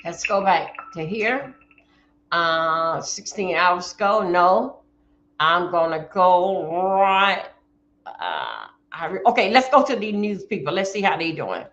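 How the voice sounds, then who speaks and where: Rambling woman streamer, lively pitch. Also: slow. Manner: rambling, excitable, interjecting. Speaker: livestreamer. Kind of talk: casual livestream commentary. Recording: echoey, dull lo-fi room mic.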